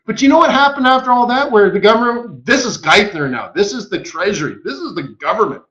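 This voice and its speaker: A man with a fairly high voice hosts a live webinar, rambling through stories and mimicking the people in them. The sound is dull and lo-fi, with a roomy echo around him. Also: fast talker, few pauses. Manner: animated storyteller who acts out quoted voices. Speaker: forex market strategist and webinar host. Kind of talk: casual live webinar commentary. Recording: echoey room, dull lo-fi audio.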